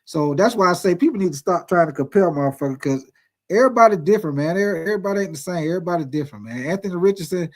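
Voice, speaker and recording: A man's voice: high-pitched, lively intonation, racing. A man hosting casual sports talk, emphatic and full of profanity.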